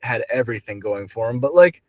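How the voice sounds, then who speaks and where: A man's voice: mid-range voice, expressive, fairly quick, darkish tone, no echo. A young man hosting a casual podcast, rambling with lots of fillers and laughing often. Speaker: podcast host. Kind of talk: casual chat.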